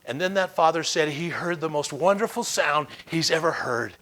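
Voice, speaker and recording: Male keynote speaker, high register, sharp tone; dramatic storyteller who repeats lines for effect. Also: lively intonation, moderate pace. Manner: dramatic storytelling with emphatic repetition; swings between loud emphasis and hushed low lines. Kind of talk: motivational keynote speech.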